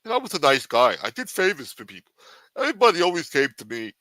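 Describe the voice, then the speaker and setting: A man's voice: fairly high pitch, wildly swooping pitch, fast, pushed and bright, dry recording. A man hosting a livestream, talking in a brash, profane mob boss persona. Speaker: livestream show host.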